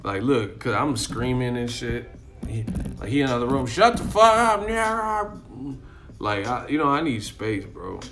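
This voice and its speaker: Soft music plays behind a man streaming live in Miami, his medium-pitched voice moving at a moderate pace. Talking to his chat, he rambles profanely, laughs often and does voices.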